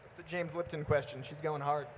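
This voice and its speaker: A man moderating a convention panel Q&A, quick with joking asides. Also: fairly high pitch, fairly even intonation. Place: large indoor convention hall. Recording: echoey convention hall with faint crowd noise.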